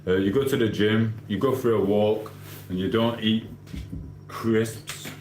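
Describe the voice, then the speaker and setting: A man's voice: fairly low pitch, steady tone, a little slow, darkish tone. A man hosting a casual livestream, reading comments aloud and ranting bluntly with cheeky swearing. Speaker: livestream host. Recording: roomy echo with faint hum.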